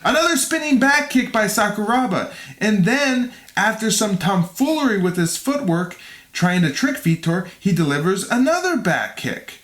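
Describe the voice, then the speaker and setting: Man recapping a fight, lively high voice. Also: normal speed, reverberant. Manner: reads play-by-play, jokes and laughs. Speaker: podcast host doing play-by-play review. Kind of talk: narrating fight recap with banter.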